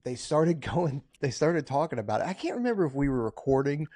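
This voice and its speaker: A man's voice: a little high, expressive, brisk, mellow, no echo, studio quality. A man co-hosting a podcast, chatting in an easygoing, conversational way. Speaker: podcast co-host. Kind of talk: casual chat.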